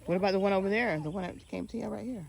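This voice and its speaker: A woman's voice: mid-range voice, rapid-fire, gravelly, noisy background. A woman, chatting and coaxing kids to feed animals at an outdoor petting zoo. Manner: cooing, coaxing, points things out. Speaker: vlogger. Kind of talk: casual chat on a farm visit.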